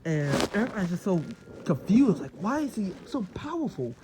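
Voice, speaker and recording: A man casually telling an imagined fan story, rambling along with lots of "like" and quick quoted lines. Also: high voice, big pitch swings, noisy background.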